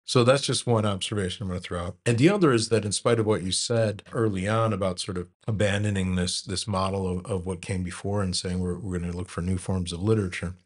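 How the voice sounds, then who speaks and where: A man with a fairly low voice interviews a guest in a casual conversation. He is chatty and reflective, adding his own observations. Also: steady tone, fast, few pauses.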